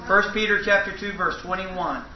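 High-voiced man teaching a Bible study. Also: steady tone, normal speed. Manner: folksy, emphatic, joking with the group. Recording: echoey room, distant mic, dull lo-fi.

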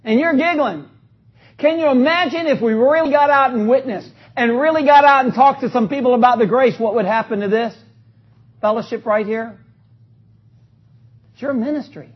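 High-voiced preacher, lo-fi. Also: male voice, normal speed, long pauses, breathy edge. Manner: calls out to the congregation, joking, rising to loud exclamations. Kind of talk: energetic sermon. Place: church. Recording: dull lo-fi recording.

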